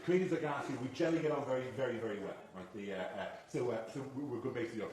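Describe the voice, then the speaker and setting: A middle-aged Irish man, a comedian guest telling stories in swearing, animated chat. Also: mid-range voice, racing. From Ireland. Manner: animated storyteller, swears freely. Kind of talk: anecdotal chat. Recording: echoey room, far from the mic, loud noise.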